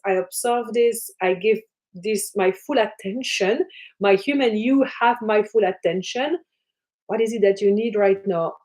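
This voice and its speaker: A woman spiritual teacher talking in her flat, her speech soft and flowing, with repeated phrases and many fillers. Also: mid-range voice, poor audio. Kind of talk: casual teaching talk.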